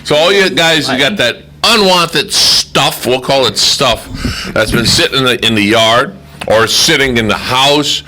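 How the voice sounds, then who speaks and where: A man's voice: medium pitch, measured pace, bright, forceful tone, slight background noise. A middle-aged man hosting a call-in radio show, joking and rambling in a casual chat with callers. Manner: joking, rambling, puts on comic voices.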